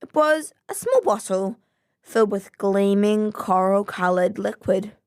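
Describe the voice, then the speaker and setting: A woman reading a children's story aloud in a measured, expressive way. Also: medium pitch, clean tone.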